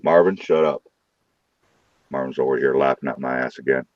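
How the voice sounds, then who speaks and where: A deep-voiced man hosts a live stream, joking crudely and rowdily with his viewers. The sound is dull and lo-fi, with a dry, close feel and no room echo. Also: fairly even intonation, normal speed. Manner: rowdy, crude joking banter with chat. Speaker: livestream host. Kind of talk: casual live-stream chat.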